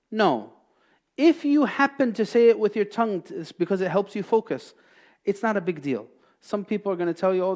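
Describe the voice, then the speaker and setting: High-voiced man teaching in a lecture. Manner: explanatory, asks and answers his own questions. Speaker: Islamic teacher. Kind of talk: classroom lecture. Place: mosque classroom.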